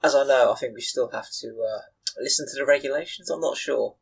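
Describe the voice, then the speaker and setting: A man's voice: mid-range voice, a little fast, creaky, poor audio. A young British man co-hosting a casual podcast chat with friends, explaining at length with plenty of ums and uhs. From United Kingdom. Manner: chatty, hesitant with many fillers, explains at length. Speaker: podcast co-host.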